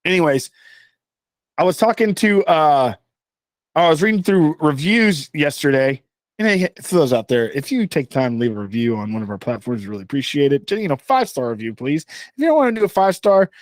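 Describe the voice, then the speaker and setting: A man's voice: on the high side, big pitch swings, brisk, dry recording. A man co-hosting a casual podcast, rambling from one fun fact to the next, easily distracted and swearing freely. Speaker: podcast co-host. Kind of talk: casual chat.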